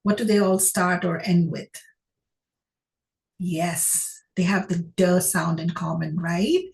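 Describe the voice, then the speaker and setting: A woman's voice: on the low side, slow, a little mellow, rough recording. A woman teaching a phonics lesson, who asks her class questions and praises each answer.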